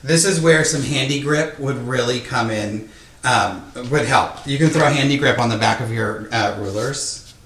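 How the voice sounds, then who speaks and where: A man's voice: mid-range voice, moderate pace, a bit bright, reverberant. A man hosting a casual quilting tutorial, chatty and self-deprecating, talking through each step with fillers as he works with his hands. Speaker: quilting teacher, host. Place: sewing room, indoors. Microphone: microphone close to his face.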